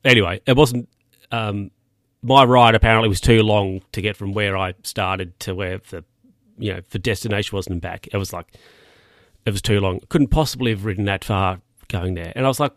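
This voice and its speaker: A man's voice: lowish voice, a little fast, fairly bright tone, no room sound, clean studio sound. A man hosting a casual solo podcast, rambling and correcting himself as he talks. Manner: rambling, self-correcting, chatty asides. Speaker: podcast host. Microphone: podcast mic.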